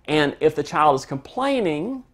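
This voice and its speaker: A parenting instructor giving a calm, conversational lesson, explaining with everyday family examples. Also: mid-range voice, a little slow. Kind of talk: instructional talk to camera.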